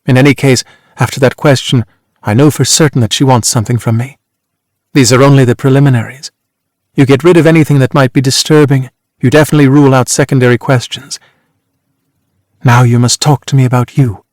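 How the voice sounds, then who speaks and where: A man narrating an audiobook in the first person, with a measured, reflective delivery. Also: medium pitch, steady tone, darkish tone, dry recording, studio quality. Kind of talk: scripted narration.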